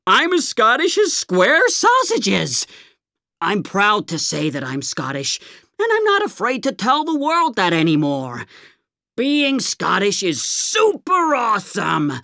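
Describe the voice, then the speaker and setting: A woman's voice: mid-range voice, huge pitch swings, takes it slowly, creaky, pushed and bright, dry recording, clean studio sound, exaggerated voice. A young woman playing a gushing, clueless tourist in a comedy sketch, chatty and full of "like". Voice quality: bubbly, chatty, filler "like".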